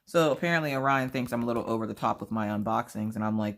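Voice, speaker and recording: A woman vlogger telling animated, theatrical stories in casual chat while she crafts. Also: a bass voice, fast, slight background noise.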